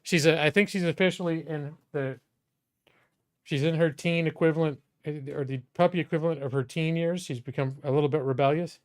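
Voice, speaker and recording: Rambling man with a higher voice. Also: steady tone, fairly quick. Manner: rambling, restarts sentences. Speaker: streamer giving a room tour. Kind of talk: casual chat. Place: bedroom at home.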